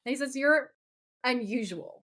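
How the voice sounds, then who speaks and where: A woman whose voice is high recaps a TV episode on her podcast at a slightly slow pace. It's casual chat, and she brings the story to life by voicing the characters' dialogue.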